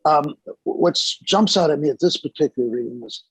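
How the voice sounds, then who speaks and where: Male guest, gravelly and husky, reflective and halting, dry recording. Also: a little high, expressive, dry recording, highs cut off. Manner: musing, halting, with many fillers. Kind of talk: reflective podcast talk.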